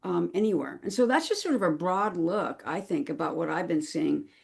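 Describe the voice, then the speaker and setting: A woman's voice: on the low side, lively intonation, moderate pace, gravelly, a little mellow. Earnest chatty woman podcast guest. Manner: chatty and earnest, with frequent fillers and laughs. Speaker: crisis management consultant, podcast guest. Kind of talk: conversational podcast interview.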